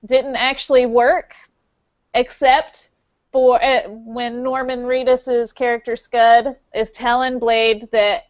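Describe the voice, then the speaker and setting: Woman podcast co-host, slightly high voice, unhurried rambling recap, lo-fi audio. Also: fairly even intonation, dry recording. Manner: rambling plot summary with many fillers. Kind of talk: casual movie recap chat.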